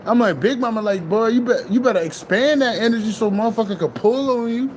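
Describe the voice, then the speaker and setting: A man with a notably high voice talks in a loose, streetwise spiritual pep talk. He curses freely and keeps looping back to the same encouragements. Faint vehicle noise hums in the background. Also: fast, darkish tone. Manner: loose, profane, repeats himself. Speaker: spiritual vlogger.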